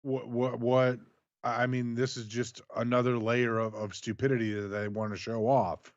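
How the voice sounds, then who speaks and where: A man's voice: mid-range voice, little pitch movement, moderate pace, dry recording, dull audio. A man co-hosting a wrestling podcast, blunt and dry, mostly giving brief agreeing replies. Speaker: podcast co-host. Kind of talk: casual commentary.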